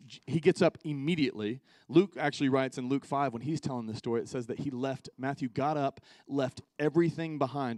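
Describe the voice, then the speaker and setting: A man's voice: medium pitch, no echo. Young guy pastor preaching, chatty, does little voices for the quotes, dry close sound. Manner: conversational preaching, acts out quoted voices with rising excitement. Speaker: youth pastor. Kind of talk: sermon. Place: church worship service.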